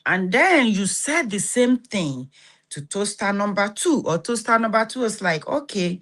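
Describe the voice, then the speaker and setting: A woman's voice: mid-range voice, very animated, measured pace, a bit bright. A woman with a Nigerian Yoruba accent hosting a live stream, talking animatedly and acting out quoted dialogue. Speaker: host of a live stream on relationships and healing.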